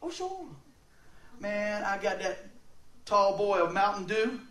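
A man giving a sermon, telling stories in an animated way and laughing often as he talks. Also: sits high, measured pace. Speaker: preacher. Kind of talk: storytelling sermon. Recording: roomy sound, mic at a distance.

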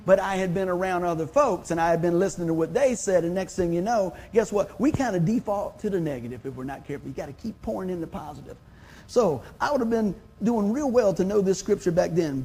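A husky, high-voiced man in his fifties delivering a sermon. He talks in a folksy, conversational way, asks the congregation for amens, and acts out voices in his stories. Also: a little mellow. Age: 50s. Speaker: pastor.

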